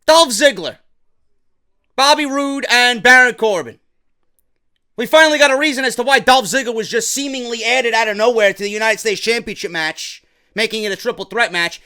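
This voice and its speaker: Bright, high-pitched ranting man. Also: expressive, moderate pace. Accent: New York. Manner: profane, sarcastic, ranting, gets loud and heated. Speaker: wrestling show reviewer. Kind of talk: ranting show review.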